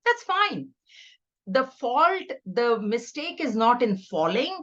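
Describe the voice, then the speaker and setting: A woman's voice: on the high side, sing-song, slow pace, a bit bright, muffled recording. Earnest woman teaching a scripture class. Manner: earnest, conversational teaching with stories. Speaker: spiritual teacher.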